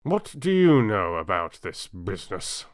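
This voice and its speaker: A man with a British accent voicing a pompous, blustering, easily flustered king in a loud, drawn-out voice for an audiobook. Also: low-pitched, very animated, no echo, studio quality. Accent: British English. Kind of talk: audiobook character voice.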